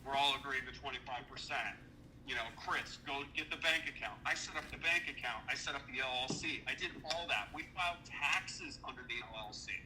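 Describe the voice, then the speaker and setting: A medium-pitched man talks a little fast in a sharp tone, and the poor recording carries some hiss or hum. Appearing as a podcast guest, he heatedly describes a business dispute, cursing often and acting out the dialogue.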